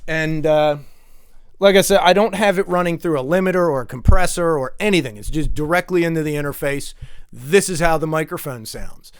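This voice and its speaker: A man's voice: a little high, brisk, clean tone. Stuffy-nosed man rambling through an unboxing. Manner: rambling, loose, with fillers and mild swearing. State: stuffed up from allergies. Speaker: vlogger reviewing a microphone. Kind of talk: casual unboxing talk. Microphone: lapel mic, then a desk condenser mic.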